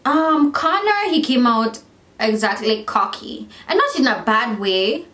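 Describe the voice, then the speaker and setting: A young woman vlogger chatting casually about a reality show, animated and rambling, often correcting herself. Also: a little high, a little slow, echoey room. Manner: animated, rambling, self-correcting, lots of fillers.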